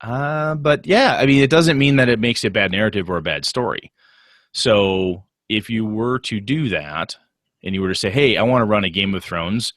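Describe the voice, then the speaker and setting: A man's voice: low voice, a bit bright, no echo, studio quality. A man co-hosting a gaming podcast in casual chat, teasing his partner and laughing often. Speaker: podcast co-host.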